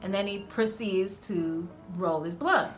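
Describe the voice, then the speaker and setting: Faint music plays behind this TV show reviewer, a woman with a mid-range voice who talks a little slowly. As a channel host, she gives an animated, slangy, profane recap of an episode.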